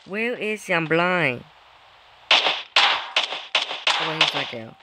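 A young male gamer nervously commenting on his mobile game play, excitable and self-conscious. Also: on the high side, very slow. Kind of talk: casual gameplay commentary. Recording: noisy background during gameplay.

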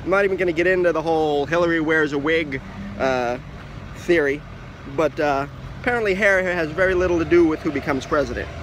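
A man talking to camera outdoors on city streets, joking through a mock presidential campaign with drawn-out, sing-song slogans. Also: on the high side, fairly bright tone, slight background noise. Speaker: vlogger running a joke presidential campaign. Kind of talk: casual vlog to camera, mock campaign speech.

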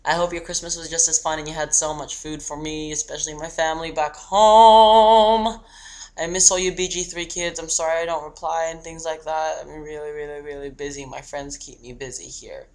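A man's voice: a little high, little pitch movement, normal speed, darkish tone. A man, giggling and rambling through a casual holiday video message. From Australia. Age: 20s. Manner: rambling and giggly, talking to a toy. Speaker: vlogger.

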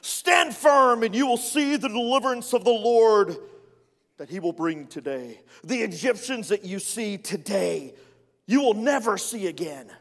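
A man's voice: animated, a little slow, fairly bright tone, long reverb tail, heavily acted. A male pastor voicing Moses as a bold prophet who later pleads frantically with God. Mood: commanding. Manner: booming then frantic pleading. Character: Moses, bold prophet turned panicked leader.

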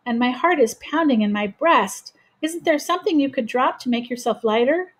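A woman voicing a small, brave female bird in a storybook read-aloud, lifting her voice higher and sounding practical and reassuring. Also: lively intonation, moderate pace. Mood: urgent.

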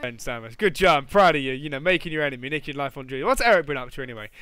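A young man commentating a life-sim game, teasing his characters and bursting into yells and swearing. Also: medium pitch, rapid-fire. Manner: excitable, bursts into shouts, swears, teases the characters. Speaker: gaming YouTuber. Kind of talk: let's play commentary.

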